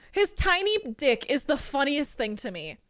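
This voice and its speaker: Excitable high-voiced woman streamer. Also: no echo, clean studio sound. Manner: excitable, giggly, swears casually. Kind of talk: casual live-stream chat. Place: home streaming room.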